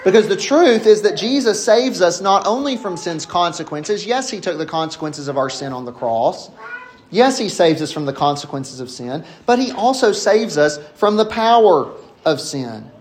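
A man preaching an expository sermon, emphatic, slowing down to stress key phrases. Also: high voice, very animated, a little hiss or hum.

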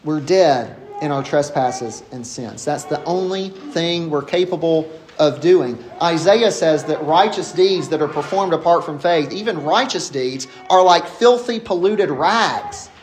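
A man preaching an expository sermon, emphatic, slowing down to stress key phrases. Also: fairly high pitch.

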